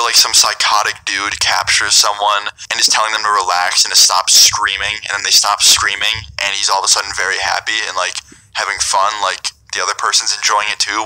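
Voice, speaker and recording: A young man in his late teens telling a story to camera in a casual, profane, animated way. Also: on the low side, rough recording. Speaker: vlogger. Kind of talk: storytime vlog.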